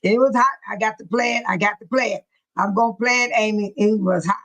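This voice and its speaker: A woman's voice: mid-range voice, a little fast, fairly bright tone, rough recording. A woman hosting a casual livestream, reading viewer comments aloud, greeting people by name and laughing often. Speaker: livestream host.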